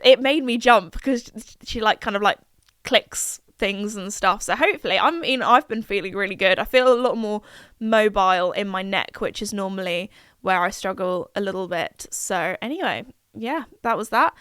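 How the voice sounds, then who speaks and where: A woman's voice: mid-range voice, normal speed, fairly bright tone, smooth, no room sound, clean studio sound. A young woman, chatting casually and rambling on her solo podcast, full of fillers and asides. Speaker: podcast host.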